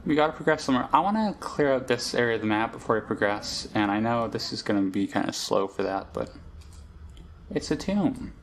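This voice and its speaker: A man's voice: mid-range voice, expressive, fairly quick, slight background noise. A man casually commentating a game he plays, rambling and thinking aloud with lots of fillers. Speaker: let's play host.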